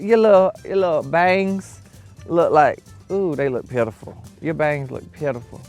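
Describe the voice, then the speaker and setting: A man's voice: high-pitched, lively intonation, a little slow, faint music behind. Sassy man chatting to farm animals. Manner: sassy, profane, theatrical asides to animals. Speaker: comedian doing farm chores. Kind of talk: casual vlog talking to farm animals. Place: outdoors on a farm.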